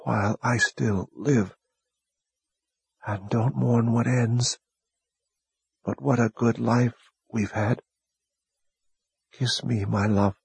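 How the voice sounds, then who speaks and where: Audiobook role: male narrator doing a tender dying young man, breathy and hushed. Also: a little high, steady tone, slow pace, pauses often, dry recording, pitched above the performer's own voice, full character voice. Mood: faint, tender. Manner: breathy whisper. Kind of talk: audiobook character voice.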